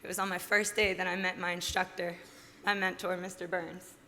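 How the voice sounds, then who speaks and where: A woman's voice: lowish voice, brisk. Earnest young woman giving a speech in a hall. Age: 20s. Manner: earnest and heartfelt, lifting with excitement. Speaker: award winner giving an acceptance speech. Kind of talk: prepared acceptance speech. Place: large hall at a podium. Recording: reverberant hall with faint background noise.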